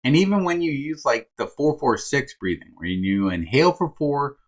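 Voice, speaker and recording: A man delivering a motivational self-help talk as a wellness coach, in a conversational manner at an average pitch. He keeps checking in with his listeners and calls them "my friends". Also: animated, normal speed. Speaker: first responder wellness coach.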